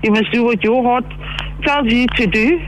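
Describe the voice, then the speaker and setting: A woman's voice: on the high side, moderate pace, a crowd in the background. A woman in her fifties on a phone call, flustered and blunt, exclaiming as she reacts. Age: 50s. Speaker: prank call target, mother. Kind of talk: phone conversation. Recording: dull phone line with faint noise.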